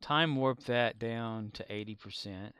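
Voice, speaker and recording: A man's voice: medium pitch, a little slow, a bit bright, clear, resonant tone, no room sound, studio quality. A man streaming a game live, chatting casually and playfully mimicking voices. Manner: playful, imitating voices, laughing.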